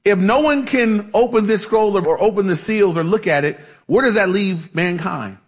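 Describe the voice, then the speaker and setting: A man's voice: high voice, normal speed. A man preaching a conversational Bible-teaching sermon, casual and chatty, with frequent asides and restarts. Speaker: pastor.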